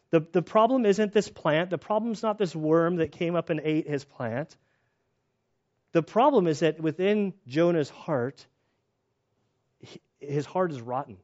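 A man with a somewhat high voice preaches a sermon, sliding into lively storytelling and acted-out dialogue. The recording sounds dull and muffled, as if the top end were cut off. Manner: storytelling, animated retellings with laughs. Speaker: pastor.

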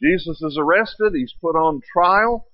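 A man's voice: a little high, unhurried, no echo. A man preaching a sermon, retelling stories with rhetorical questions and acted-out quotes. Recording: dry, dull lo-fi sound.

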